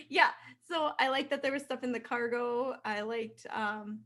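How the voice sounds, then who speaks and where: A woman's voice: on the high side, measured pace, fairly bright tone. A woman co-hosting a casual movie review podcast, chatty and laughing often. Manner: giggly, chatty. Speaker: podcast co-host.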